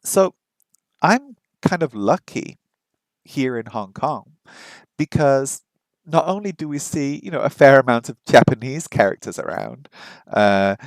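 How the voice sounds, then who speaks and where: A man's voice: mid-range voice, creaky, dry recording, low-quality recording. Chatty man rambling on a live stream. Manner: rambling, chatty with viewers, frequent ums and restarts. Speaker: live-stream host learning a language. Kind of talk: casual live-stream chat.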